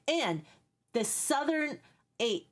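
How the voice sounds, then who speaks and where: A woman's voice: high voice, sing-song, slow. Chatty woman streamer reading chat. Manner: chatty, explains at length while reading chat. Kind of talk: casual live-stream chat.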